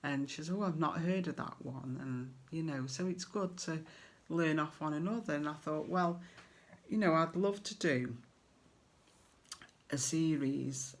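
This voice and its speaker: A middle-aged English woman chatting casually to her viewers as a crafting vlogger, rambling with fillers and friendly asides. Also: low voice.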